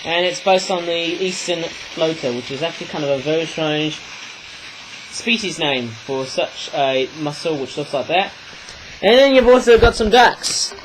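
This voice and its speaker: A man's voice: fairly high pitch, a little slow, slight background noise, rough recording. Rambling man reviewing toys. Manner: rambling, chatty, frequent "eh?" tags. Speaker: toy reviewer. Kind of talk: casual toy review.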